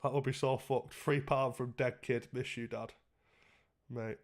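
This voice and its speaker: A man's voice: medium pitch, little pitch movement, a little slow. A man chatting casually and jokingly with his live-stream chat, swearing freely.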